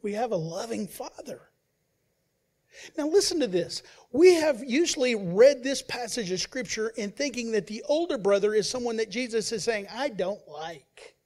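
A pastor delivers a sermon in a very high, animated voice at a moderate pace, swinging between loud emphasis and quiet, hushed asides while acting out the voices he quotes.

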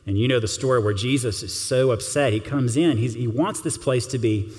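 A man preaching a sermon as pastor, earnest and gentle, with measured pauses. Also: mid-range voice, in a large hall.

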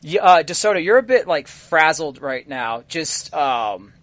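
A man running a tabletop role-playing game as game master, narrating the scene haltingly with frequent ums and uhs. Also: a little high, big pitch swings, fairly bright tone, no echo.

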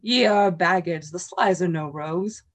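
A woman's voice: fairly low pitch, moderate pace, close to an everyday voice. A woman reading the part of a drunk, boastful male tinker in a Shakespeare play reading, blustering and defiant.

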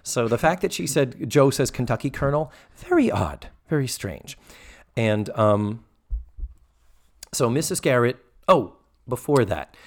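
Animated man recapping a sitcom. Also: mid-range voice, unhurried. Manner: animated, acts out quotes, swears freely. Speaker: podcast co-host. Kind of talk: casual chat recapping a sitcom episode.

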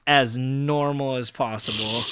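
A man's voice: mid-range voice, fairly even intonation, unhurried, a crowd in the background. A young man co-hosting a podcast, telling crude stories in casual banter and acting out the people he quotes. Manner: joking storyteller, acts out quotes. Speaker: podcast co-host.

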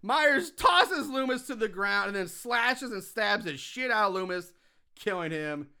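A man's voice: high-pitched, lively intonation, unhurried, pushed and bright, smooth. A man co-hosting a casual chat, recapping a film with profanity and laughter, acting out quotes with big swings in voice. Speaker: podcast co-host recapping a film.

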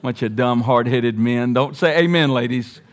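A man's voice: mid-range voice, normal speed, slight background noise. A man preaching a sermon in an emphatic, folksy way with joking asides.

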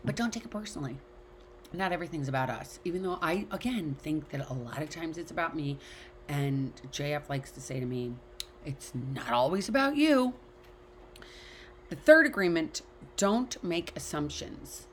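A woman's voice: low voice, animated, normal speed, slight background noise. A middle-aged woman talking casually and candidly to an online class, speaking her mind and swearing freely. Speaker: class teacher. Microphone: video call.

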